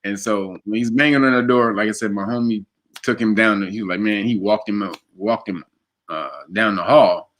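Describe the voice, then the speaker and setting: A man in casual conversation, telling a long story with lots of laughter and animated quoted voices. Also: moderate pace. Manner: animated, laughs often, jumps to high pitch for quoted voices. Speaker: guest.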